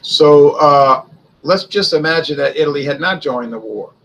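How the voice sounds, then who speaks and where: A man's voice: fairly high pitch, normal speed, fairly bright tone, dull audio. A man giving a casual spoken history commentary, chatty and conversational, asking rhetorical questions and answering them himself. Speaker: history video host.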